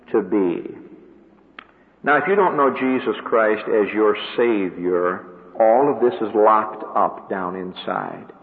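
A man delivers a sermon for radio, pressing his points with sudden climbs in pitch. The sound is thin and tinny, like a phone line, and a long reverb trails after his words. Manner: emphatic, with sudden pitch rises on key words. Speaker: preacher.

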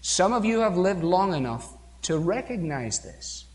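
A man's voice: sits high, very animated, measured pace, a little mellow. A man preaching a sermon, emphatic, with rhetorical questions and acted-out quotes, recorded in a church with a long reverb.

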